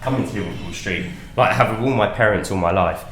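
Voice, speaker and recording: A young man, a head chef, telling stories on a podcast in a lively, casual way, swearing and mimicking people. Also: fairly low pitch, fast, echoey room, slight background noise. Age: young adult.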